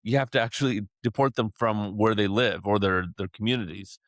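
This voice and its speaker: A man with a fairly low voice speaks on a political panel. He explains his point deliberately, recorded close and dry. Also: fairly bright tone, no echo. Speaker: panel guest. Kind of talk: casual political discussion.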